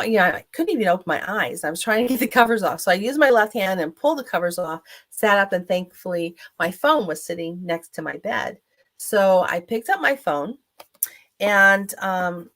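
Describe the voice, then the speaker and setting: A woman's voice: mid-range voice, animated, normal speed, fairly bright tone. A woman in her fifties, an author and speaker giving a motivational talk online, telling her story earnestly with many fillers.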